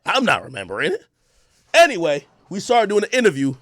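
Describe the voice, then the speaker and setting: A man streaming, telling a story in an excitable, profane way, shouting as he reenacts moments. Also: sits high, a little fast, no echo, clean studio sound.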